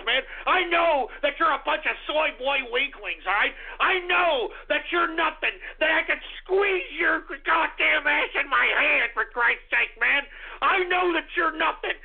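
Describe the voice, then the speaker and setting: A man hosting a radio show, launching into an angry, profane rant full of insults and repeated shouting. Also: extremely high pitch, animated, normal speed, gravelly. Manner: furious, insulting, repetitive shouting. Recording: lo-fi phone-like radio audio.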